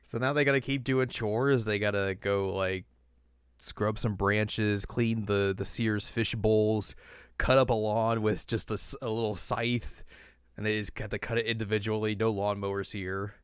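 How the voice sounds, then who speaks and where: A young man hosting a casual podcast, recapping an anime episode and acting out the characters in high, silly voices. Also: fairly even intonation, a little slow, smooth, no echo, studio quality. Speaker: podcast host.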